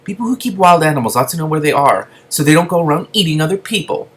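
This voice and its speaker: A man's voice: on the high side, lively intonation, fast talker, a bit bright, pitched above the performer's own voice. A man voicing a small, fussy male lizard who talks down to everyone in a prim, scolding way. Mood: indignant. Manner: prissy, scolding, easily flustered.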